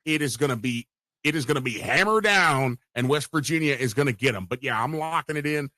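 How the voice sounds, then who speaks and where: A man's voice: medium pitch, lively intonation, fairly quick, sharp tone, no room sound. A man who is a guest sports radio host, making confident, emphatic predictions in casual sports talk.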